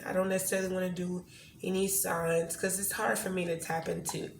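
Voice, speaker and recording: A woman's voice: fairly low pitch, vocal fry, a bit bright. A woman reading tarot cards casually to camera, rambling and candid, swearing now and then. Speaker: tarot reader. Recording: echoey room with faint noise.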